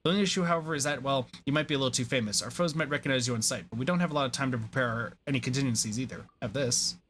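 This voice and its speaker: A man's voice: medium pitch, racing, fairly bright tone, a little hiss or hum, lightly acted. A man reading aloud the lines of an earnest young male resistance general in a game, with formal, courteous phrasing.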